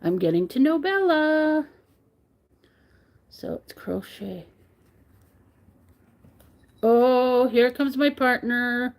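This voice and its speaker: A woman's voice: sits high, animated, extremely slow, pauses often. A middle-aged woman, chatting casually on her crochet livestream and greeting viewers by name as she reads the chat. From Canada.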